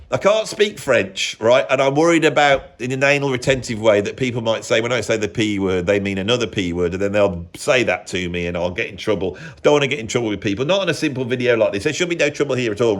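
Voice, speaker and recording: A man's voice: mid-range voice, lively intonation, a little fast. A British man in his fifties, a music vlogger giving a rambling, mocking casual rant peppered with mild swearing. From Britain.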